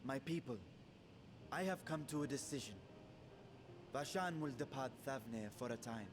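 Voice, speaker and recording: A man's voice: medium pitch, expressive, background noise, lightly acted. A man voicing a solemn, formal male ruler who is secretly a dragon, in a game cutscene with music behind. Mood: resolute. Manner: measured, grave, formal.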